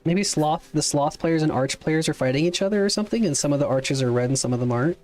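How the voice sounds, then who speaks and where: A man streams a game and chats loosely with viewers, rambling and swearing casually as he answers their chat questions when they come in. His voice is on the high side and darkish, and he talks quickly. Faint music plays behind him.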